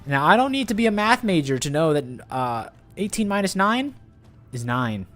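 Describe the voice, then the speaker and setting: A man's voice: sits high, very animated, normal speed, a bit bright, faint music behind. A man streaming a game live, chatting with his viewers in a sarcastic, playfully defensive way. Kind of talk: casual gaming livestream commentary.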